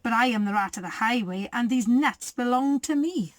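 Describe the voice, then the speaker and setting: A woman's voice: a little high, normal speed, dry recording, natural voice. A woman reading as a greedy bragging robber rat. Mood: boastful. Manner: boastful, bossy, sing-song chant. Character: greedy swaggering male highway robber rat.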